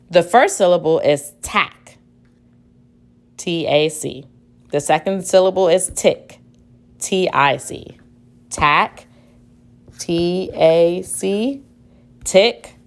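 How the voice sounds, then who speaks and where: In a fairly low voice, a female teacher conducts a spelling dictation, speaking deliberately. Every word is repeated and then spelled out letter by letter.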